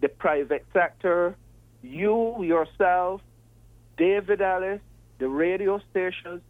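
A man, calling in to a radio talk show and laying out his questions in a measured, methodical way. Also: high voice, no room sound. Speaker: radio caller. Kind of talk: call-in radio discussion. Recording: tinny phone line.

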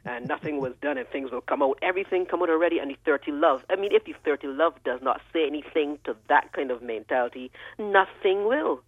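A man with a Barbadian accent calling in to a radio talk show, animated and often repeating words. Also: on the high side, quick pace, few pauses, no room sound. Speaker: caller. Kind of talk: call-in radio commentary. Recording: dry tinny phone line.

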